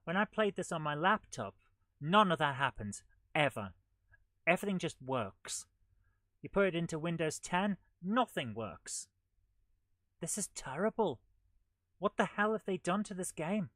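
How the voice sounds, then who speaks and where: A man's voice: a little high, sing-song, unhurried, pauses often, bright, forceful tone, dry recording. A man hosting a live gameplay stream, talking in an exasperated, grumbling way as things go wrong.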